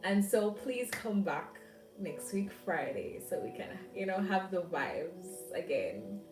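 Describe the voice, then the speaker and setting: A woman's voice: fairly low pitch, sing-song, slow, echoey room, distant mic, over music, rough recording. A young woman with a Jamaican accent, chatting casually to her viewers with rambling asides and frequent laughs. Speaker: vlogger. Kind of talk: casual chat.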